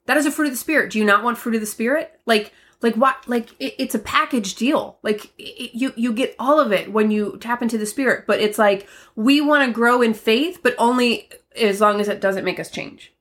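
Loud emphatic woman from the northeast, bright forceful voice, chatty faith podcast. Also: a little high, normal speed, hardly any pauses. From Northeast United States. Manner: loud, emphatic, self-deprecating. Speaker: podcast co-host. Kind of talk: casual faith podcast chat.

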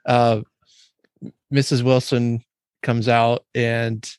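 A man's voice: medium pitch, flat delivery, a little mellow, smooth, no room sound, studio quality. A man who is a podcast guest, speaking hesitantly and poking fun at himself. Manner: slow, hesitant, self-deprecating. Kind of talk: casual chat.

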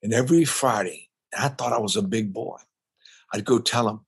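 An older man, a guest on a podcast, telling stories about his family business in a warm, reflective way. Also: on the low side, fairly even intonation, a little fast, husky. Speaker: guest, family restaurant owner. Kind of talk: casual interview storytelling.

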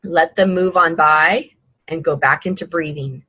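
A woman hosting a podcast, giving casual, unhurried advice with frequent fillers and restarts. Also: low voice, fairly even intonation, sharp tone, dry recording, rough recording. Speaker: podcast host.

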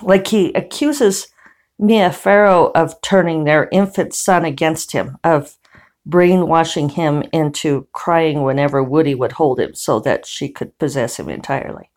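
Low-voiced chatty woman novelist. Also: a little slow, a little mellow. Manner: chatty, wry, many fillers. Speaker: novelist and vlogger. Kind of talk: casual chat to camera.

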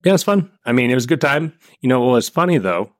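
A young man co-hosting a podcast, telling stories in a casual, animated way and acting out quotes. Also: mid-range voice, quick pace, no room sound, clean studio sound. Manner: animated storyteller, acts out quotes. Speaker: podcast co-host. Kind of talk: casual chat.

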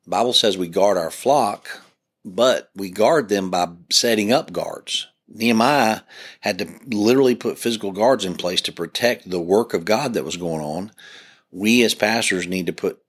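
A pastor with a very low, deep voice speaks earnestly on a podcast. He talks like a preacher and often stops and restarts his sentences. Nothing else stands out in the sound. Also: normal speed. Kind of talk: podcast discussion.

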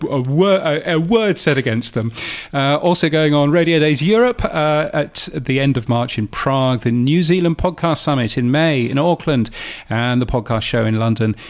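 A man co-hosting a podcast, talking casually with lots of ums and restarts. His voice sits in a middle pitch and has a gravelly edge. He teases himself dryly as he talks. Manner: chatty, self-mocking, many fillers and restarts. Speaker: podcast co-host.

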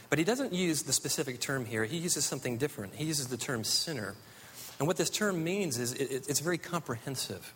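Earnest preacher with long hall reverb. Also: male voice, medium pitch, expressive, brisk, fairly bright tone, husky. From United States. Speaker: pastor. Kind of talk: sermon.

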